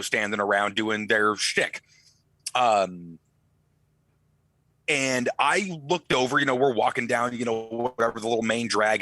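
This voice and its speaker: A middle-aged man in casual podcast chat, spinning a rambling anecdote. His voice is bright and forward, and the mic is close and dry. He slips into the voices of the people in his story. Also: mid-range voice, no room sound, poor audio. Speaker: podcast co-host.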